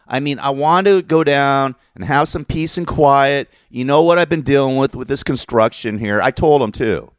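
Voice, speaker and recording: A man's voice: mid-range voice, normal speed, few pauses, clean tone, no echo, clean studio sound. A man telling a rambling, exasperated story, often cursing and correcting himself as he goes. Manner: curses and self-corrects. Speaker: vlogger telling a personal story. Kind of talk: casual rant.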